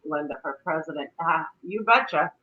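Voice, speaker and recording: A middle-aged woman hosting a casual live stream, chatty and quick to laugh. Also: low-pitched. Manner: laughs often, chatty and animated. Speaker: livestream host. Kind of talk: casual chat. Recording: dull lo-fi stream audio.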